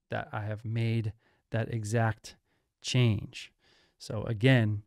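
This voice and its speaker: A man's voice: medium pitch, clean tone, no room sound. Casual man explaining step by step, dry. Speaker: music production tutorial host. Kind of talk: screen-recorded software tutorial.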